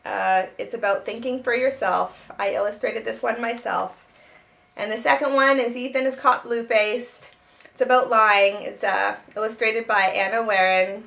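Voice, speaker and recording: Woman, self-help teacher, slightly high voice, earnest and explanatory, frequent restarts. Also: fairly even intonation, normal speed, creaky, fairly bright tone. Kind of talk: spoken self-help advice.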